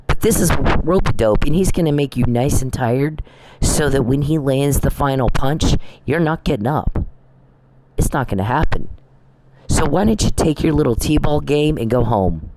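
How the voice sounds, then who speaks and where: An online commentator from Oklahoma delivers an angry rant to camera in an expressive, medium-pitched voice at a moderate pace, with background noise audible. He speaks directly to someone, mocking, taunting, and swearing.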